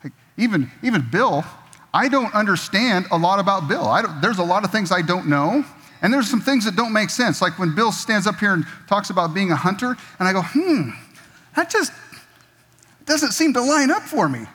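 A middle-aged man preaching in a church, relaxed and jokey, now and then slipping into other people's voices. His voice sits a bit high for a man, and a long reverb trails his words through the hall. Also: fairly quick, slightly rough. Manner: conversational, jokey, acts out quoted voices. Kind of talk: sermon. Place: church sanctuary.

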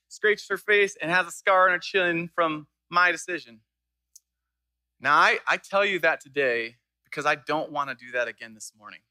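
A young man preaches with a high, very bright voice. He tells stories with lively energy and acts out the people he quotes. The sound is close and dry. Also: dry recording, poor audio. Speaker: pastor. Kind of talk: sermon.

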